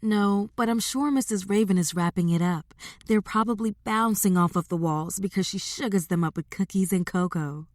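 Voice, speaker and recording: A woman's voice: mid-range voice, normal speed, hardly any pauses, no echo, studio quality, natural voice. A woman voicing a playful, affectionate younger sister who teases and mimics her family. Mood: chatty. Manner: teasing, mimicking.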